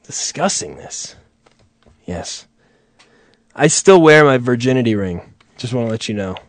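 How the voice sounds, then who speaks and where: A man's voice: medium pitch, animated, a little slow, no room sound. A man hosting a crude, comedic live chat, profane and sardonic, laughing often.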